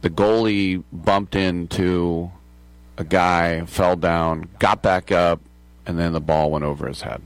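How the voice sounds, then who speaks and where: A man's voice: low-pitched, fairly even intonation, slow, clear, resonant tone, no echo. An American man in his sixties hosting a sports talk radio show, rambling and joking through digressions. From United States.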